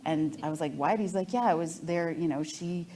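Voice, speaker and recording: A woman with a somewhat low voice tells lively anecdotes in an onstage interview, her energy rising and falling as she laughs her way through them. Faint room ambience sits behind her. She comes across as a Canadian entrepreneur in her forties, chatting freely. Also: normal speed, slight background noise. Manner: animated storytelling, laughs often. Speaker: entrepreneur guest.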